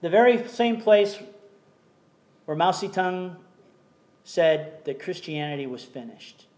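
A man preaching a sermon in a church, reading scripture slowly and telling a story between verses, sometimes dropping almost to a whisper. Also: high voice, lively intonation, darkish tone. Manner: reads scripture slowly, tells jokes, drops to near whisper. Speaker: pastor. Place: church sanctuary.

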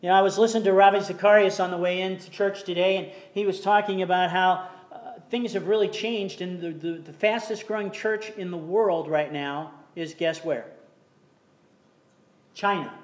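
A man preaching a sermon in a church, reading scripture slowly and telling a story between verses, sometimes dropping almost to a whisper. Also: high-pitched, steady tone. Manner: reads scripture slowly, tells jokes, drops to near whisper. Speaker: pastor. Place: church sanctuary.

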